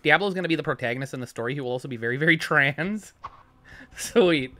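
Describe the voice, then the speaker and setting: A man's voice: on the high side, lively intonation, brisk, bright, forceful tone. A tired man streaming a game at home, joking, swearing a lot and reading chat messages aloud. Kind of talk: casual let's-play chat.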